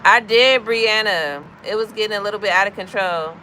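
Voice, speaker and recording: A woman in her thirties with an American accent hosts a livestream, chatting casually with viewers, greeting them by name, and moving from comment to comment. Her mid-range voice is fairly quick, pushed and bright, with a little hiss or hum.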